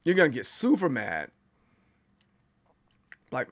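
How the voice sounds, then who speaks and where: A man's voice: on the high side, lively intonation, a little slow, dry recording. A man hosting a livestream, chatting casually and animatedly, with many stammered restarts and bursts of mock outrage. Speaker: livestream host.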